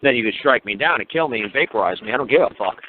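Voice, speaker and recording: A man's voice: mid-range voice, lively intonation, very fast, a little hiss or hum. A blunt man telling a profane story, swearing heavily and acting out both sides of an argument, heard over a phone-like line. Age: older. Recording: tinny phone-line audio.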